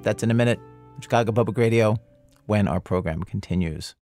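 A man hosting a radio documentary show, delivering scripted narration in a measured, dry, conversational way. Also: on the low side, a little mellow, no echo, faint music behind.

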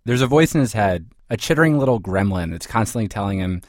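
A man narrating a scripted radio story with a wry, crisp delivery. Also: fairly low pitch, expressive, fast, hardly any pauses, dry recording, studio quality. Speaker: podcast host reporter.

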